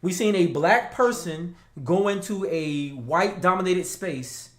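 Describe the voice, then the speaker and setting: A man co-hosting a casual talk show, animated and slangy, laughing often. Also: sits high, unhurried, echoey room. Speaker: podcast co-host. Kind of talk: casual chat.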